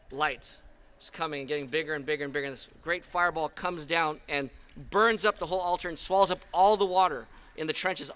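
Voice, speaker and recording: A man delivers an outdoor sermon in a high, bright voice. He tells the stories conversationally, with an animated pulse that leans toward his listeners. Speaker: pastor. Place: outdoor service.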